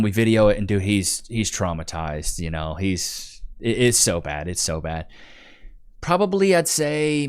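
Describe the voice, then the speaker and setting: A young adult man hosting a casual vlog, rambling through stories in slangy talk full of "dude" and "bro". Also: lowish voice. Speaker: YouTube commentator.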